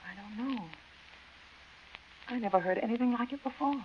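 An actress playing a frightened young woman camping by a desert well, speaking in hushed, uneasy tones in an old radio drama. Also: on the high side, normal speed, lo-fi sound, a little hiss or hum, natural voice. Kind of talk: 1940s radio acting.

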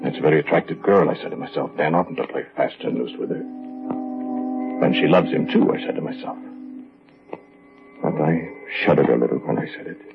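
A man's voice: extremely low pitch, fairly quick, creaky, long pauses. An actor playing a polite, fussy shopkeeper who tells his story to the listener, in 1940s radio acting. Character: fussy, kindly middle-aged shopkeeper telling his story. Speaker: narrator and shop owner. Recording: tinny old radio broadcast with music.

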